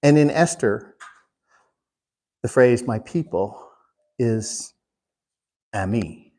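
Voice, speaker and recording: A man teaching a Bible class in an unhurried way, putting questions to the class. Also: mid-range voice, warm tone. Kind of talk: interactive Bible class lesson.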